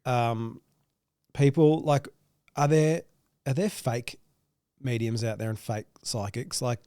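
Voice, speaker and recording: A casual interview host who asks curious, slangy questions in a mid-pitched, easygoing voice. The sound is dry and close, with no echo around it. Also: fairly even intonation, takes it slowly, dark tone.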